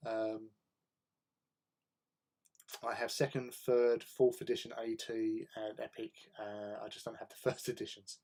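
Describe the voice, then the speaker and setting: A man's voice: on the low side, little pitch movement, takes it slowly, long pauses, warm tone. A man hosting a hobby livestream, chatting casually with viewers in a rambling way and laughing often.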